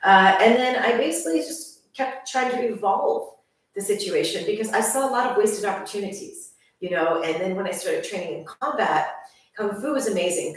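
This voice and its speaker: A woman's voice: medium pitch, distant mic. Chatty woman in a very echoey room. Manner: chatty, upbeat, addresses listeners as friends. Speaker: fitness instructor. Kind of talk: casual channel introduction. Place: room at home with workout gear.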